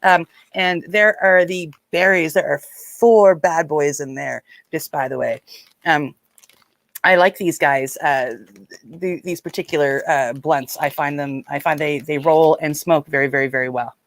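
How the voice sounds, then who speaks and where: A woman's voice: low voice, measured pace, dry recording. Chatty woman streamer. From Nova Scotia, Canada. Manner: chatty and rambling, greets viewers by name. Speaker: livestream host. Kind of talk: casual live-stream chat.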